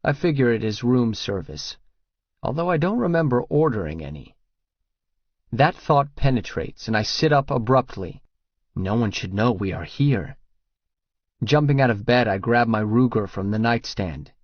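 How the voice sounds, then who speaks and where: A man's voice: medium pitch, expressive, moderate pace, dry recording. Male audiobook narrator, dry and intimate. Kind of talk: first-person romance audiobook narration. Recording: dull, lo-fi sound.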